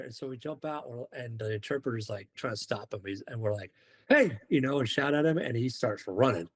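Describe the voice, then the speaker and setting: Speaking a little fast in a mid-range voice, this British man, once a Marine, shares casual stories on a podcast and animatedly performs the dialogue he quotes.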